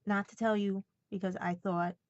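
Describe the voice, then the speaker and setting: A woman's voice: medium pitch, little pitch movement, moderate pace, no echo, highs cut off. A woman vlogging casually, retelling a personal conversation in an emotional, rambling way and quoting what was said back and forth. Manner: emotional, rambling retelling full of quoted dialogue. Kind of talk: casual vlog storytelling.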